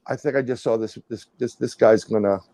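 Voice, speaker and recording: A man's voice: mid-range voice, a little fast, no room sound. A middle-aged man telling a story casually on a livestream, rambling with restarts and acting out what people said. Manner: rambling, animated storytelling with restarts and acted-out quotes. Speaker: guest, paranormal researcher.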